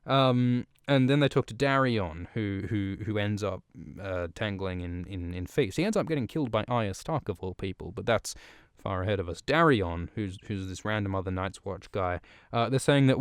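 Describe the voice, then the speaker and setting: A man's voice: on the low side, expressive, moderate pace, clean tone, dry recording, clean studio sound. A man casually and irreverently recapping a book as a podcast host, rambling and swearing freely.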